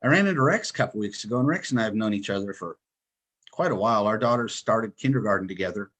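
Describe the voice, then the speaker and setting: A man, a guest in an interview, telling his story with lively quoted dialogue. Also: on the low side, quick pace. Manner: animated storyteller, acts out quotes. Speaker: guest, online seller.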